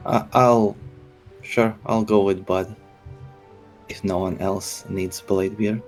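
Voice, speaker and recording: A man at a tabletop game who thinks aloud and hedges his choices. His low voice has a gravelly rasp. Faint music plays behind. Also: fairly even intonation, slow, darkish tone. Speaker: player. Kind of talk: casual chat at a game table.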